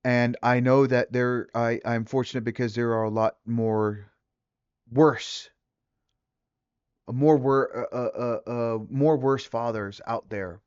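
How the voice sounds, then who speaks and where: A young man rants in a loose, rambling way, swearing freely and tripping over restarts and fillers as he works his thoughts out loud. His voice sits at an ordinary middle pitch. The audio is a bit dull and lo-fi. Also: fairly even intonation, slow pace, clear, resonant tone. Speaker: vlogger. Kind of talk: casual rant to camera.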